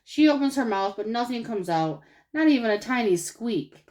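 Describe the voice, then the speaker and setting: A woman's voice: a little high, moderate pace, rough recording. Woman reading a children's story. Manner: expressive, animated narration. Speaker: storybook reader. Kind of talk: children's story read-aloud.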